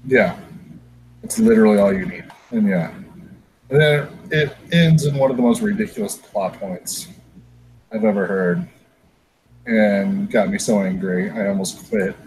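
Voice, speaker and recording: A man's voice: on the low side, measured pace, long pauses, a little mellow, a little hiss or hum, rough recording. A man hosting a podcast, chatting casually and ranting with frequent swearing. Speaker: podcast host. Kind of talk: casual chat.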